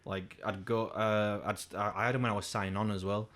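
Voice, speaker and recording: A man's voice: steady tone, fairly quick, fairly bright tone. A young man from England co-hosting a podcast, telling rambling anecdotes with plenty of swearing. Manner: swearing, rambling anecdotes, acts out quotes in a high voice. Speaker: podcast co-host. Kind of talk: casual chat.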